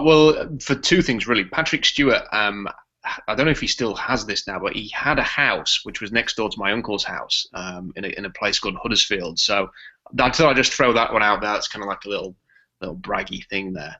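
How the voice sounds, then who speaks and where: A man from England chats as a podcast co-host, jokey and full of ums. His voice is fairly low yet bright and sharp, and it comes over a dull, lo-fi line. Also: a little fast, breathy edge. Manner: chatty and jokey, with many ums. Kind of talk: casual podcast chat.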